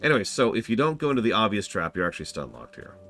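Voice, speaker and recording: A man's voice: fairly low pitch, rapid-fire. A man streaming a game review, talking casually and opinionated while he plays. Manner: chatty, opinionated, lively. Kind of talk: casual live-stream commentary.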